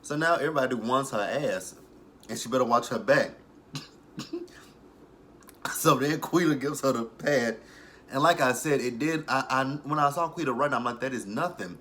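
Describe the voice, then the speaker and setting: A young man recapping a TV episode in a loose, animated way. He curses freely and keeps cracking up, and his voice sits at an ordinary middle pitch. There is a faint hiss in the background. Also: normal speed, pauses often. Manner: profane, animated storytelling, frequent laughter. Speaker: TV episode reviewer.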